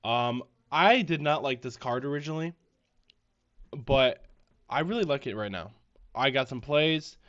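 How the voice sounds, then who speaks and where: A man's voice: medium pitch, fairly bright tone. A man with a stuffy, congested nose hosts a casual solo podcast, rambling and poking fun at himself as he repeats his words. His voice sits mid-range for a man. The recording sounds a little dull and lo-fi. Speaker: podcast host. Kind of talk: casual solo sports-betting chat. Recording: slightly dull lo-fi audio.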